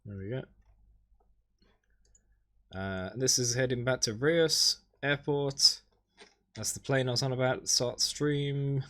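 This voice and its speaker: Streaming live, a man recaps his holiday over his photos in a loose, dry, rambling way, his pitch jumping up abruptly in moments of excitement.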